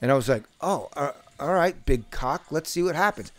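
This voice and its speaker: A man's voice: on the high side, lively intonation, normal speed. A man in his fifties telling profane, boisterous sales stories in a casual podcast chat. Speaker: podcast host.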